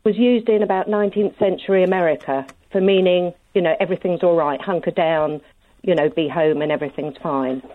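A woman's voice: fairly low pitch, brisk. A woman calling in to a radio show, chattily explaining a word's origin. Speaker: caller. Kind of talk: phone-in call. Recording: tinny phone line.

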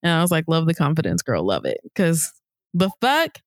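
Lively woman telling a story. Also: moderate pace, no room sound, clean studio sound. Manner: animated, acts out quoted people in higher voices. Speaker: podcast co-host. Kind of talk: casual storytelling chat.

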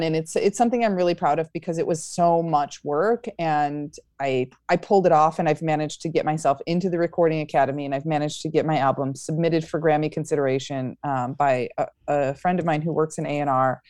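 Brief: young woman comic, lowish voice, dry close sound, upbeat and rambling. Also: fairly quick, hardly any pauses, a little mellow, no echo. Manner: upbeat, many fillers and restarts. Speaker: stand-up comedian guest. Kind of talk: casual interview chat.

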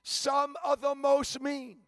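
A man's voice: very high-pitched, completely flat delivery, slow, no room sound, clean studio sound. A man preaching a sermon as a visiting preacher, telling stories emphatically with frequent restarts and stammers.

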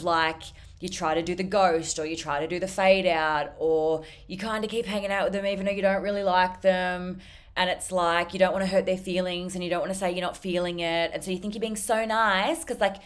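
Young woman, solo podcast host; blunt, foul-mouthed, filler-heavy chat that swings loud and soft. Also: on the low side. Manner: animated, jumps between loud and soft. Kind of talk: casual solo podcast monologue.

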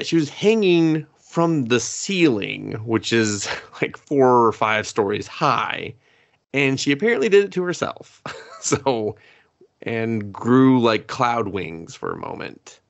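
On a podcast, a co-host with a mid-range, vocal-fry voice recaps an anime episode, unhurried and with no room sound. He swears freely and tells the story in an animated, profane way, acting out the characters' lines.

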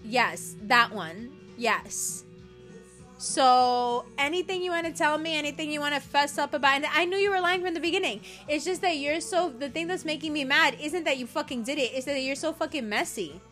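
A woman's voice: high voice, normal speed, a bit bright, soft background music. A woman playing a furious, foul-mouthed ex. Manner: profane, cutting, sarcastic. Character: furious woman ranting at a cheating lover. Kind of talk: acted voice-note rant.

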